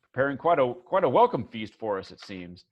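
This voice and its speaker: A man voicing a courteous, gracious male captain who speaks in a polite, measured way, on a dull lo-fi recording. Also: medium pitch, big pitch swings.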